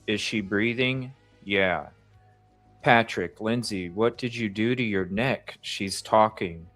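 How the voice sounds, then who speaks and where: A man's voice: fairly low pitch, slow pace, a bit bright, soft background music. A man hosting a live stream, reading a call transcript aloud and chatting with viewers about their comments and votes. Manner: reads out chat comments and asks viewers to vote.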